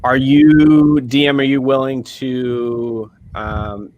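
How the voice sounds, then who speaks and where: A man's voice: mid-range voice, flat delivery, takes it slowly, narrow, tinny audio. Hesitant man playing a tabletop game. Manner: hesitant, stumbling restarts. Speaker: player. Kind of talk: casual tabletop game play.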